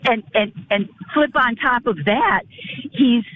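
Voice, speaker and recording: A caller to a radio show speaking in an animated, admiring way over a thin phone line. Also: mid-range voice, takes it slowly, slight background noise. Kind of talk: call-in commentary.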